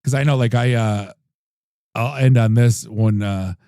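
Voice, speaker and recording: A man hosting a podcast, telling stories in a rambling, animated way with lots of fillers. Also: mid-range voice, measured pace, smooth, no echo, studio quality. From United States. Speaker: podcast host. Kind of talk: casual chat.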